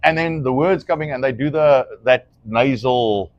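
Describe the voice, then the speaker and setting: A man's voice: medium pitch, moderate pace, dry recording, lo-fi sound. Blunt, swearing man, non-native speaker. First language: not English. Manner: blunt, animated, swears freely. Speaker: co-host. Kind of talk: casual livestream chat.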